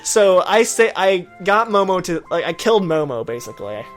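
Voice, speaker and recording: A let's-play co-host with a lowish voice and big pitch swings talks at a moderate pace over game music. In casual gaming chat, she rambles through an absurd made-up story and acts out the voices.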